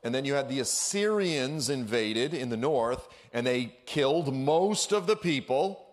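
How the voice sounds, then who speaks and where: A man giving an energetic, conversational sermon as a guest speaker in a church, with casual slang and frequent asides. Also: medium pitch, measured pace.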